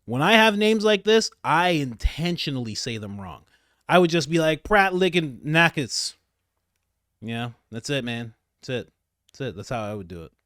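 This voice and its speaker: A man hosts a commentary channel and reacts to a clip with sarcastic, animated remarks. His delivery lurches from low mutters to sudden loud outbursts. His voice sits in the middle range and sounds dry and close. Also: moderate pace, no room sound.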